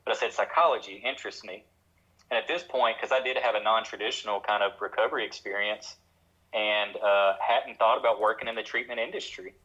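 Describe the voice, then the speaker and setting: Man with a Tennessee drawl, bright voice. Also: on the low side. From Tennessee, USA. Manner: fast, run-on storytelling with many fillers. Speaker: podcast guest, treatment center executive. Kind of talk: conversational storytelling. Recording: dull, lo-fi sound.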